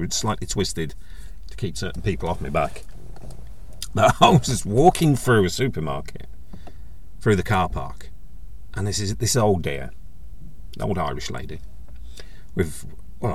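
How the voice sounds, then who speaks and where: Male podcast host, low pitch, very lively intonation, wry anecdotal monologue. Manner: rambling, wry, self-mocking storytelling. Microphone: USB webcam microphone plugged into a phone.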